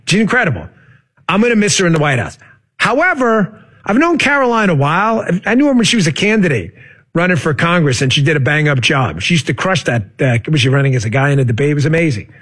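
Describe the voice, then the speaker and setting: A man with a high, somewhat husky voice hosts a casual political talk show. He talks in an animated way, turns sarcastic, and sometimes leaps up into shouting.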